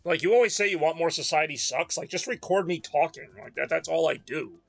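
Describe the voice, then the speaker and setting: This young racing-game streamer has a higher, animated voice with vocal fry, talking briskly as he rambles between laps and reads chat aloud. There's no echo, just soft background music.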